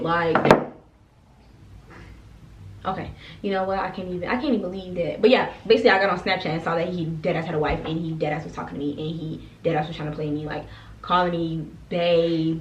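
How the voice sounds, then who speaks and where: An animated young woman in her twenties tells a casual story time in an expressive, profane way. She sits away from the camera mic in a roomy space, so her voice sounds distant and echoey. The sound is a little dull, with faint noise underneath. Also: on the low side. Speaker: soldier telling a story time.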